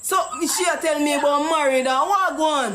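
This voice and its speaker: A woman with a Jamaican accent makes a prank call, pushing her point in thick patois and saying it again and again. Her voice sits high, and the recording is roomy and echoing with steady noise behind it. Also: a little fast. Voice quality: forceful patois, repeats herself insistently. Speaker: prank caller.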